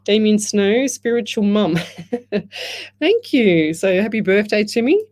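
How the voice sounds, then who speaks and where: A woman with a medium-pitched, expressive, darkish voice speaks slowly while hosting a live radio show as a psychic medium. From a radio studio, she chats in a rambling way over a headset mic, greeting listeners by name and reading out their comments.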